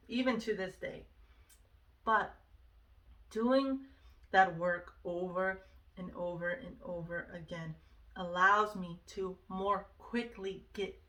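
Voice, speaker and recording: A woman's voice: mid-range voice, bright, forceful tone, distant mic. A woman talking earnestly and casually to the camera, giving personal advice on overthinking, often asking "right?". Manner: earnest and conversational, many asides and "right?". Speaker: vlogger sharing self-help advice.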